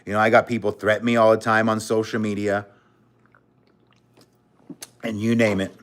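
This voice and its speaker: A man's voice: on the low side, little pitch movement, normal speed, a bit bright. Blunt, outspoken man streaming live. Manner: blunt, outspoken, cursing freely; earnest, emotional and candid. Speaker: livestream host. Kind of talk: casual livestream chat, reading viewer comments.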